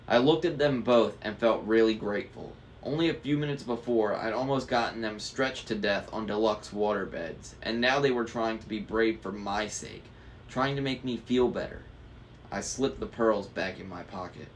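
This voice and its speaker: Low-voiced man reading a novel aloud. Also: normal speed, a little hiss or hum. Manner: casual, stumbles over hard words. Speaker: book reader.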